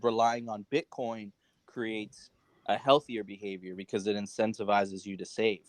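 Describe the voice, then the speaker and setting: A man's voice: on the low side, fairly even intonation, normal speed, dry recording, poor audio. A man from the United States talking casually as a podcast host, loose and conversational, with many fillers and restarts.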